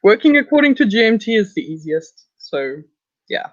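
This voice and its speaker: A man's voice: high voice, sing-song, moderate pace, highs cut off. A man from South Africa, a writer speaking hesitantly during a casual livestream chat. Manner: hesitant, unsure. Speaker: writer, guest streamer.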